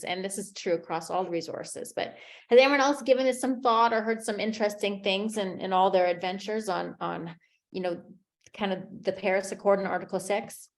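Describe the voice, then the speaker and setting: A woman moderating a panel discussion, adding her own views and steering the talk with questions to the panelists. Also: medium pitch.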